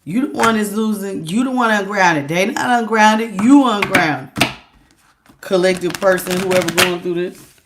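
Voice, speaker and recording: Animated woman giving a tarot reading. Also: mid-range voice, unhurried, noisy background. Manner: animated and emphatic, casual slangy talk. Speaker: tarot reader. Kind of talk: direct-to-camera tarot reading.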